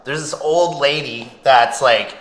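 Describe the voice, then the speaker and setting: A man co-hosting a podcast in casual comedic chat, a loud, rambling storyteller who laughs often. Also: mid-range voice, measured pace. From Vancouver, Canada. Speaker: podcast co-host. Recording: roomy echo.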